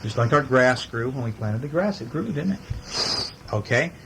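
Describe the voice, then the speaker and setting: A man's voice: medium pitch, lively intonation, moderate pace, background noise. A man reading a bedtime story aloud to a child, playful and sing-song, with chatty asides.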